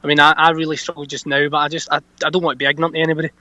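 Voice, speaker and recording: A Scottish man, an actor, telling stories in a chatty, animated way during an interview. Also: fairly high pitch, racing, no echo, lo-fi sound. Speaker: actor guest. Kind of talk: casual anecdote-telling interview.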